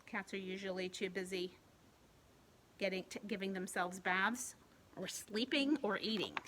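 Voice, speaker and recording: Slow, gentle storytime woman. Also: mid-range voice, fairly even intonation, a little hiss or hum. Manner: gentle, asks children questions while reading. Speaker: children's librarian. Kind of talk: bedtime storytime read-aloud. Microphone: home video recording.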